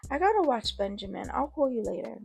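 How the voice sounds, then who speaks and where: A woman's voice: a little high, sing-song, fast talker, gravelly, a little mellow, husky, heavily acted. A woman voicing an offhand, tough-acting teenage girl friend in an audio story.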